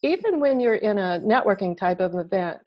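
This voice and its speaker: A woman guest talking casually as a body language expert over a video call, animated and playing out little quoted voices. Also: mid-range voice, brisk. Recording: dull lo-fi video call audio.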